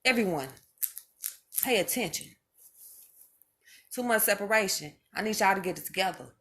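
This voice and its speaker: A woman's voice: medium pitch, animated, normal speed, fairly bright tone, slight background noise. A mother speaking straight to her viewers in an impassioned monologue, emphatic and preachy, hammering home each point by repeating it.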